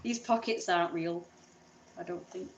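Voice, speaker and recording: A woman's voice: fairly low pitch, moderate pace, a little hiss or hum. A woman chatting casually in a vlog, rambling and self-deprecating. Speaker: vlogger.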